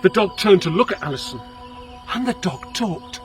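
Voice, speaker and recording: A man, a local guide telling a story on location outdoors, theatrical, shifting between hushed and loud. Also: high-pitched, sing-song, moderate pace, faint music behind. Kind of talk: dramatic storytelling.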